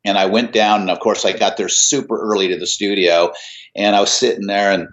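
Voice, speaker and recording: Middle-aged musician guest, low voice, rambling anecdotes, lo-fi sound. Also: male voice, level tone, brisk. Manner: rambling, many fillers and restarts. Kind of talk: casual anecdotal storytelling. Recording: dull lo-fi audio.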